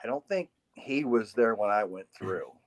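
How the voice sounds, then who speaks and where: A man, a guest on a podcast interview and a marksmanship instructor, telling casual stories with lively sound effects and frequent laughs. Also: on the low side, normal speed.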